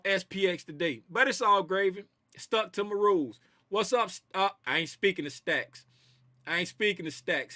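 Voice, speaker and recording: High bright-voiced man hosting a trading stream. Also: no echo, studio quality. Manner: loose, slangy, repeats phrases. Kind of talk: casual livestream chat reading viewer comments.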